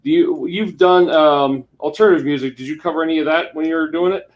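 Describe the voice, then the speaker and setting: Fast-talking eager man. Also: a little high, muffled recording. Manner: eager, rambling, restarts sentences. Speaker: guest. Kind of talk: casual chat.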